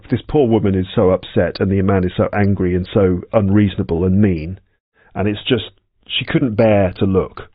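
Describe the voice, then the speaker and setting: A man teaching English, explaining the words of a story slowly and patiently, repeating them as he goes. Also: on the low side, no room sound, highs cut off. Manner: slow, patient explanations with repetition.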